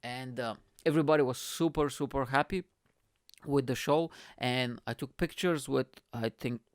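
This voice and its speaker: A male stand-up comedian rambles through a story on his podcast in a loose, chatty monologue, dropping swear words and "mate" along the way. His voice is smooth and clear at a middling pitch, and it sounds dry and close with no room echo. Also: normal speed.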